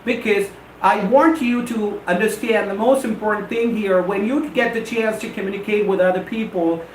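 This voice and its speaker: High-voiced teacher, echoey room. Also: male voice. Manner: emphatic and repetitive, reads viewer questions aloud. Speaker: English teacher hosting a live session. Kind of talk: live online lesson. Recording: roomy echo, faint background noise.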